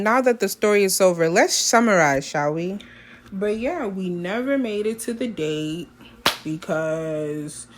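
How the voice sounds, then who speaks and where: A young woman telling a casual storytime to her vlog audience, animated and expressive, often acting out what was said. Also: medium pitch. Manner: animated, expressive, quotes herself and others. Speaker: vlogger. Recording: phone with faint background noise.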